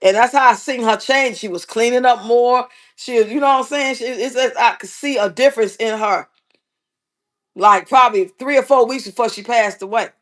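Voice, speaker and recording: A middle-aged woman hosts her own livestream, talking straight to her viewers in a lively, playful way. Her voice sits a little high for a woman, and she chats loosely, answering comments as they come in. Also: normal speed. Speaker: livestream host. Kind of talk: casual livestream chat reading comments.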